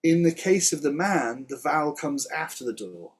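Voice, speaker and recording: A man teaching Hebrew words in a relaxed Torah study conversation, chatty and quick to laugh. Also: on the high side, breathy edge. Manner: chatty, laughs often, explains word by word. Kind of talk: casual Torah study chat.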